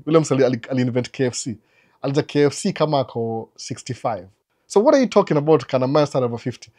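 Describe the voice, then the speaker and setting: A man hosting a live Q&A stream, giving animated, lecturing advice and mixing English with Swahili mid-sentence. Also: mid-range voice. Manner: animated, lecturing, asks rhetorical questions. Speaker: live Q&A host.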